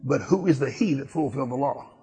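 A man's voice: mid-range voice, fast talker, mellow, husky. A man preaching a sermon, emphatic and repetitive in a folksy way.

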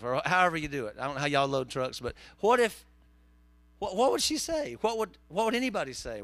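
A man's voice: on the high side, sing-song, normal speed, fairly bright tone, no echo. A man preaching a sermon, telling folksy, joking stories. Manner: folksy, joking storyteller with southern turns of phrase. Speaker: pastor.

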